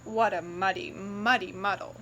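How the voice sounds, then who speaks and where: A woman reading a picture book aloud in a sing-song, expressive storytelling voice. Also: medium pitch, moderate pace, slight background noise, rough recording.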